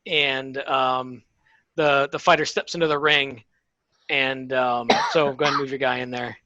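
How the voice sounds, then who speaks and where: Halting man narrating as game master. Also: medium pitch, steady tone, muffled recording, noisy background. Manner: halting, many fillers.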